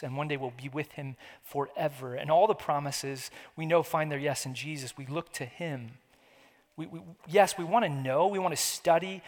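A man's voice: fairly high pitch, in a large hall. A man preaching a sermon as a pastor, earnest and conversational, often repeating phrases for emphasis.

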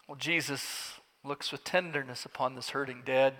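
A man's voice: mid-range voice, fairly even intonation, measured pace, few pauses, bright, forceful tone. A man preaching, telling the story vividly and emphatically, with his voice swelling at the climaxes. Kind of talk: dramatic sermon storytelling. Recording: echoey hall.

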